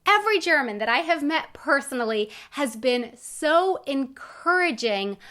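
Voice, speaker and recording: Bright high-voiced young woman vlogger. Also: lively intonation, unhurried. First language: English. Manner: earnest, encouraging. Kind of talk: casual talk to camera.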